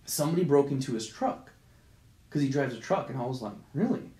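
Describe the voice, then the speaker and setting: A man's voice: mid-range voice, animated, fast talker, mellow. A man co-hosting a casual podcast, retelling a story with lots of swearing and acted-out quotes. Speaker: podcast co-host. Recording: roomy echo.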